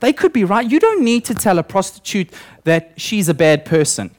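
A man's voice: high-pitched, big pitch swings, moderate pace. A young male preacher giving a sermon in church, telling stories with acted-out quotes and voices.

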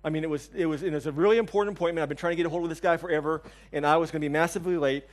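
A man's voice: a little high, fairly even intonation, rapid-fire. A man in his forties preaching a sermon, telling a funny story with asides to the congregation. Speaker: pastor.

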